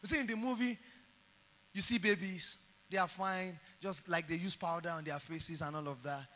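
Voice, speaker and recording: Bright, high-voiced Nigerian preacher. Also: male voice, moderate pace, big-room sound. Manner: animated storytelling, acts out dialogue. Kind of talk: sermon.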